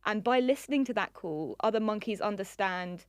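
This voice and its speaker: A woman science reporter explaining things in quick, lively conversational chat. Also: medium pitch, clean tone, dry recording, clean studio sound.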